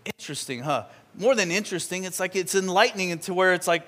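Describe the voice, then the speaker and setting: Man, preacher, slightly high voice, lively storytelling, church sermon. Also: fast talker, hardly any pauses, a little hiss or hum. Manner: animated, conversational, acts out scenes. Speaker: pastor. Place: church sanctuary.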